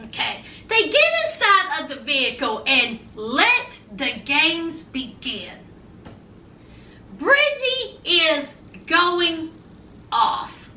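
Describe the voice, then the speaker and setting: A woman's voice: very high voice, sing-song, slow pace, bright, forceful tone, recorded from a distance, slight background noise. A woman giving a sassy, emphatic recap of a reality show, asking "okay?" again and again. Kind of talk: casual TV recap commentary. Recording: echoey room, voice a bit off mic.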